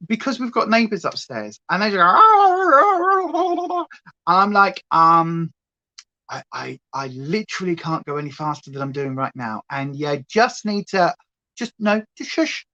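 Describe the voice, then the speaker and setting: A woman's voice: fairly low pitch, a bit bright, muffled recording. A British woman hosting a livestream from home, chatting casually and going off on tangents. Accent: British English. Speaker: livestream host. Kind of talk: rambling casual chat.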